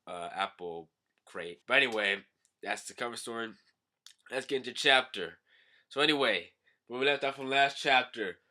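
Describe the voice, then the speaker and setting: Young guy doing a casual manga recap, bright sharp voice, goofy with it. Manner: animated, jumps into loud high-pitched shouted character voices. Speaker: manga review host.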